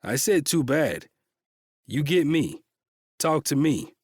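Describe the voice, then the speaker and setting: A man's voice: fairly high pitch, sing-song, takes it slowly, no echo, studio quality, heavily acted. A man voicing a blunt, protective adult man who taunts and swears in a curt way, read as an audiobook character.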